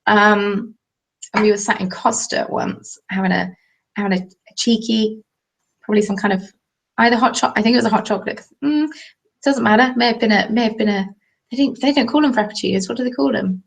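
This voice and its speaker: Chatty young Englishwoman with vocal fry. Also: mid-range voice, brisk. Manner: chatty and rambling, reads out viewer comments. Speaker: host. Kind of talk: casual livestream chat while knitting.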